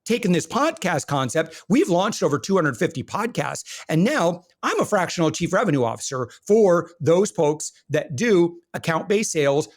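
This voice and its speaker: Candid, slightly high-voiced male guest. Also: big pitch swings, normal speed, hardly any pauses. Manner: candid, self-deprecating, filler-heavy. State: briefly choked up. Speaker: podcast guest, entrepreneur. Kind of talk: conversational interview storytelling.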